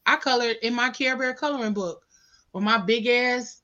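Bright, blunt woman host. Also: a little high, moderate pace, muffled recording. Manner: blunt, profane, laughing. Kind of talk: casual chat.

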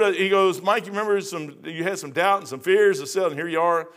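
Middle-aged male pastor, folksy rambling preacher, high-pitched, sings bits of hymns. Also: quick pace, hardly any pauses, a bit bright. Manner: folksy, rambling, says "man" a lot, half-sings hymn lines. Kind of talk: verse-by-verse sermon.

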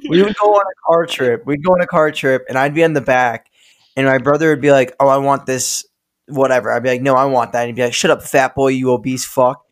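A young man telling stories on a podcast, rambling and profane, stopping to laugh at himself. His voice sits at an ordinary middle pitch for a man. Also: steady tone, fast talker. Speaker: podcast co-host. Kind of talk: casual storytelling chat.

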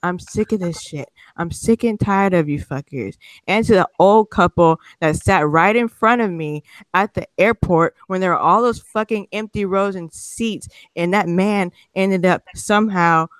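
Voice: medium pitch, unhurried, hardly any pauses, clean tone, dry recording. A podcast host delivering an exasperated, profane comedic rant with sarcastic asides. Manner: sarcastic, mocks people's excuses.

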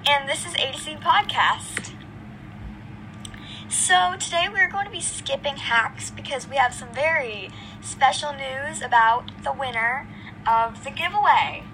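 High, bright-voiced young podcast host. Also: female voice, expressive, a little slow, slight background noise, poor audio. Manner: giggly, playful. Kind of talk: casual chat.

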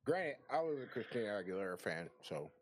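Man, wry podcast chatter, lively voice that swings around. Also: on the low side, fairly quick. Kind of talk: casual chat.

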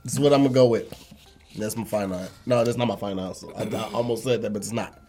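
A man playing a word game with a friend, joking around and sounding out hard words slowly. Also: lowish voice, warm tone, faint music behind. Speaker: game show contestant and host. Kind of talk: casual banter on a word game.

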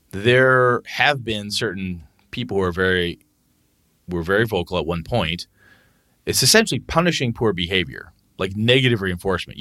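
A man's voice: sits low, sharp tone, no room sound, studio quality. A man on a casual podcast, a game master who talks bluntly and profanely and acts out what he says to his players.

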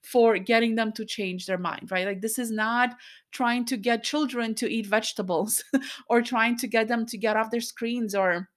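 A woman hosting a podcast, venting to her listeners in a personal monologue. She sounds angry and worked up, frustrated, and talks in bursts with quick asides. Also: fairly high pitch, fairly even intonation. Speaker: podcast host.

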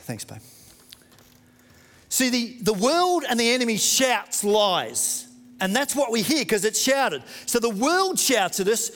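A man preaching a sermon as pastor, dramatic and moving between loud and hushed. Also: very high voice, big pitch swings, slow, big-room sound.

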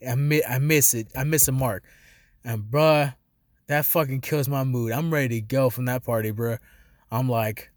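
A young man talking casually at a middle pitch, rambling and swearing freely as he gets excited and laughs along the way. The sound is close and dry, with no room around it. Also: moderate pace, no room sound. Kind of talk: casual chat.

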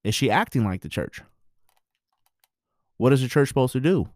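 A man's voice: medium pitch, sing-song, normal speed, darkish tone, no echo, clean studio sound. A married man giving his views in a blunt, preachy, profane casual monologue.

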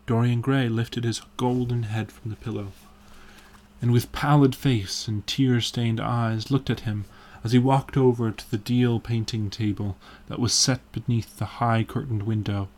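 Man reading a story, measured and expressive. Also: medium pitch. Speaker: narrator. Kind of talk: audiobook narration.

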